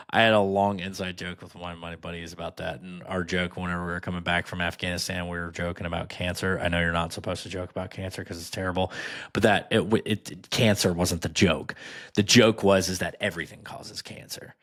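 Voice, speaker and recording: Reading items out loud on his podcast, a man with a low-pitched, slightly bright voice riffs on them with sarcastic, mocking asides in a casual style.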